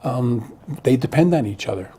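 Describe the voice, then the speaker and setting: Author guy being interviewed, warm kinda husky voice, earnest, keeps restarting sentences. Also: medium pitch, lively intonation, moderate pace. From Connecticut. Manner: earnest, with frequent restarts and repeated words. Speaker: author guest. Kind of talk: interview conversation.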